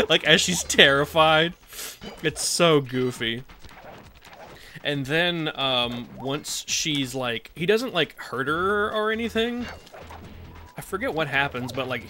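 A man's voice: on the high side, pushed and bright, slight background noise. A man streaming a video game, chatting casually in a rambling, self-correcting way and laughing often. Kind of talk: casual gameplay commentary. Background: game music.

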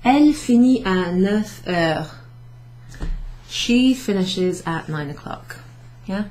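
A woman's voice: mid-range voice, animated, slow pace, darkish tone. A woman French teacher from Wales giving a casual, chatty summary lesson for beginners, self-correcting as she writes on a board. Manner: chatty, self-correcting, switching between French and English, light laughs. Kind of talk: recorded class summary lesson.

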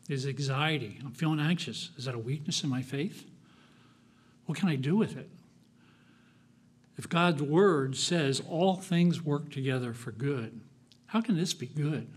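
A man giving a sermon at a church, telling his own story in a conversational, reflective way with frequent pauses and fillers. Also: medium pitch, husky. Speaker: guest speaker. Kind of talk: personal testimony sermon.

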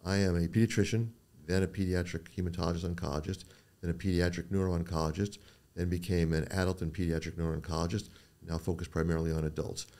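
A man's voice: low voice, fast talker. An older man, a doctor being interviewed on a podcast, telling stories and acting out the people in them. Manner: storytelling, quotes people in animated voices. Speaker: neuro-oncologist guest.

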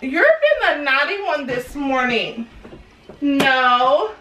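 A young mother coos in a very high, swooping sing-song, stretching her words into gushing, teasing baby talk. Her voice is bright and sharp, and it reaches the camera from a few steps away in an echoey room at home. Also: expressive, takes it slowly, far from the mic, a little hiss or hum. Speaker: mother and family vlogger.

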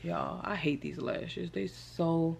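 Young woman, home vlog, casual chat to camera, lowish voice, chatty, slight background hiss. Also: steady tone, slow, vocal fry, darkish tone. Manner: chatty, talks to viewers as "girl" and "y'all". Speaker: vlogger. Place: at home in an apartment. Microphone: camera on a tripod.

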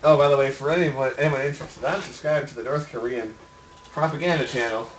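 A man's voice: medium pitch, fairly even intonation, a little fast, a little hiss or hum, rough recording. A man hosting a game stream, chatting casually in a joking, laid-back way and swearing freely. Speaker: streamer host playing a city-building game. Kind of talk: casual chat.

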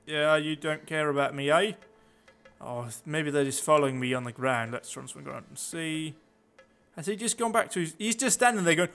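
A man's voice: a little high, fairly quick, fairly bright tone, faint music behind. A man giving casual, sarcastic commentary while playing a video game, talking to himself. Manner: chatty, sarcastic, muttering to himself. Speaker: gameplay commentator. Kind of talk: casual let's play commentary.

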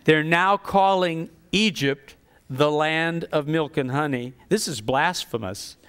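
Lively, clear-voiced male preacher. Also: fairly high pitch, slow. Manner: animated, acts out grumbling voices with scorn. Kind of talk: sermon.

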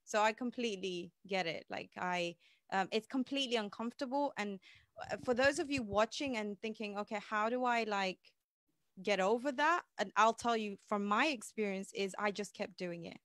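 A woman's voice: medium pitch, moderate pace, fairly bright tone, dry recording. Chatty woman guest, dry sound. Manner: chatty, upbeat, many fillers like "like" and "um". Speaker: guest, business founder. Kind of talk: livestream interview.

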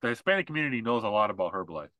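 A man's voice: on the low side, big pitch swings, racing, bright, forceful tone, no echo. A man co-hosting a podcast, ranting in casual, mocking chat with lots of fillers. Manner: ranting, mocking, mimics others. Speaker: podcast co-host.

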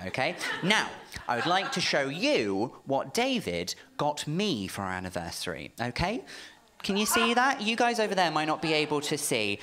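A man's voice: fairly high pitch, big pitch swings, moderate pace. A man in his thirties telling a camp, chatty stand-up story on stage, checking in with the crowd. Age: 30s. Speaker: stand-up comedian. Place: comedy club stage with a live audience. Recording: noisy live club recording.

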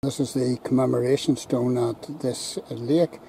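A man's voice: mid-range voice, steady tone, a little slow, vocal fry, dark tone, slight background noise, rough recording. A man with a Northern Irish accent giving chatty, enthusiastic walking-tour commentary outdoors by a lake, filmed on a handheld camera. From Northern Ireland. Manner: chatty, enthusiastic, talks to passers-by. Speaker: vlogger and tour guide.

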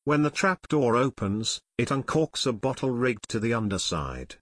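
A man's voice: mid-range voice, sing-song, normal speed, a bit bright, dry recording, clean studio sound. A man voicing a surly adult male thief who growls his answers, in an audiobook reading.

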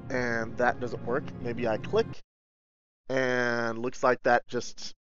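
An excitable, goofy man hosting a livestream and chatting casually as he plays a VR game. His voice sits at a middle pitch, and he thinks out loud as he goes. The stream audio is a little dull, with faint music underneath. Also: slow pace. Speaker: livestream host.

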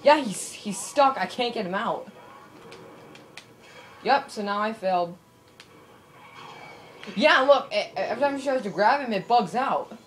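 Brief: woman, let's-play commentary, lively swooping voice, unhurried pace, jumpy and loud at the screen, faint hiss behind. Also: a little high. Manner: excitable, yelps and shouts at the game, swears. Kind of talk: casual gameplay commentary.

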